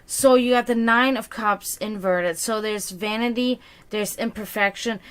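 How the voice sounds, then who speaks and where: A woman's voice: mid-range voice, unhurried, smooth. Tired woman giving a tarot reading. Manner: reassuring, repeats herself, many fillers. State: tired, yawning. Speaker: tarot reader. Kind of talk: live-streamed tarot reading.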